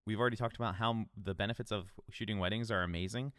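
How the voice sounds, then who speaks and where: Casual bearded podcast host, low voice. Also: male voice, steady tone, very fast, a bit bright, no echo, clean studio sound. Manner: casual, conversational, upbeat coaching. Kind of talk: solo podcast advice talk.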